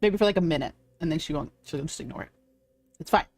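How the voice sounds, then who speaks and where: A woman's voice: low-pitched, lively intonation, quick pace, crowd noise. A woman playing a character in a tabletop game, chatting casually and laughing now and then. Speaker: player.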